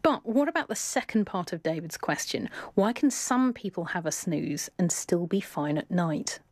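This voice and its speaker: A woman's voice: fairly low pitch, animated, normal speed, no room sound. A woman hosting a radio show, chatty and playful as she takes listener questions. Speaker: radio host.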